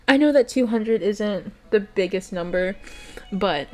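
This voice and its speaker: A woman's voice: mid-range voice, measured pace, hardly any pauses, darkish tone. A young adult woman streamer reading a bedtime story and chatting with her viewers, earnest and emotional.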